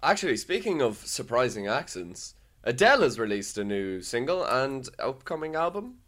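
A man's voice: medium pitch, sing-song, moderate pace, a bit bright. A young Irishman from co-hosting a podcast, chatting casually, laughing often and swearing freely. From Ireland. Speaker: podcast co-host. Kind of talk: casual chat.

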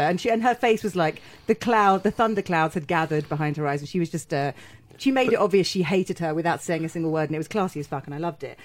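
A woman co-hosting a casual chat, telling a story in an animated, laughing way. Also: on the low side, fast talker, slight background noise. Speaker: podcast co-host.

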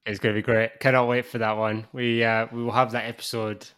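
A man's voice: mid-range voice, little pitch movement, fairly quick, fairly bright tone, smooth. A man hosting a podcast, upbeat and easygoing as he introduces the topic. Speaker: podcast host. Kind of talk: casual chat, introducing the episode.

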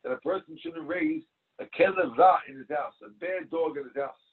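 A man voicing a polite young male charity collector who pleads eagerly, his pitch rising. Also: wildly swooping pitch, moderate pace, vocal fry, breathy edge, heavily acted. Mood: eager pleading. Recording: tinny phone-like line.

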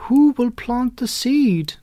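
A storyteller voicing a small, hardworking hen who calls out brightly in a raised, higher voice. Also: very animated, slow pace. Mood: calling out. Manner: high, bright calling voice. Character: busy hardworking little hen, female, earnest.

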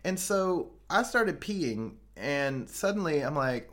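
A man's voice: a little high, big pitch swings, slow, a bit bright. A man co-hosting a casual podcast, telling a rambling, crude, joking story. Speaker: podcast co-host. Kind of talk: casual chat.

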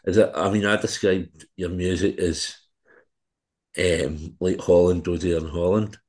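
A low-pitched man hosts a casual podcast interview. His questions ramble, with plenty of "kinda" and "um". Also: steady tone, unhurried, darkish tone. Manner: loose, filler-heavy questions. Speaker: podcast host.

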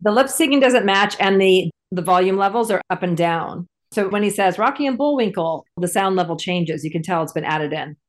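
Woman co-host, rambling casual recap chat, voice on the low side. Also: brisk, few pauses. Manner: rambling, chatty, lots of fillers. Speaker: podcast co-host.

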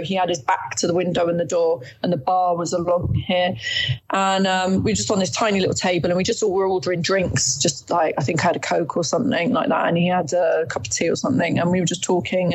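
A woman's voice: lowish voice, slight background noise, poor audio. A woman casually telling a long personal story as an interview guest, chatty and acting out the people she quotes. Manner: chatty, many restarts, acts out quoted voices.

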